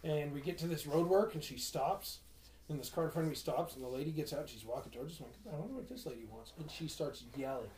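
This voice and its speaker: Fast-talking rowdy young man, echoey room. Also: fairly high pitch, a little hiss or hum. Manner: rowdy, swears a lot, acts out quotes loudly. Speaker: podcast co-host. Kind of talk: casual chat.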